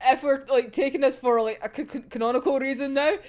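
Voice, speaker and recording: A woman's voice: high-pitched, steady tone, fast talker, a little mellow. A young woman in casual, sweary reaction chat, giggling often as she talks. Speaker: manga reaction vlogger.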